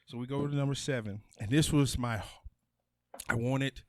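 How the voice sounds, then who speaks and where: A man's voice: mid-range voice, moderate pace, dry recording. A man co-hosting a podcast, easygoing and slangy, laughing often. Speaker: podcast co-host. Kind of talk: casual chat. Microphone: podcast mic in a small studio shed.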